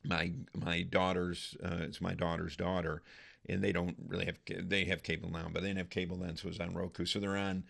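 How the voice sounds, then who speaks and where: A gravelly, fry-laden older man with a bright, forceful edge and a lowish voice. He tells profane, self-mocking stories with a comedian's timing in a casual chat. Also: level tone, fairly quick. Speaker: comedian guest. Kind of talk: casual storytelling.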